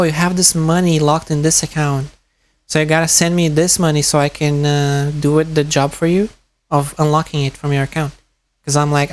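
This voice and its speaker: A man, streaming and chatting casually, telling stories with frequent laughs and swearing. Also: on the high side. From Brazil. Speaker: streamer reacting to a video. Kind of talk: casual chat.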